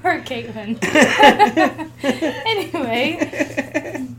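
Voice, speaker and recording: A woman with a high voice co-hosts a casual podcast. She quizzes and teases her partner, answering the jokes with dry reactions. Faint ambient noise hangs behind her. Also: lively intonation, drawn-out words. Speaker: podcast co-host. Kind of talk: casual chat.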